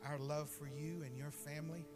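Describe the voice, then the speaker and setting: Earnest pastor over music. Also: male voice, a little high, level tone, moderate pace. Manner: earnest, heartfelt, reads from notes. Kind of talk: church announcement. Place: church sanctuary with music behind.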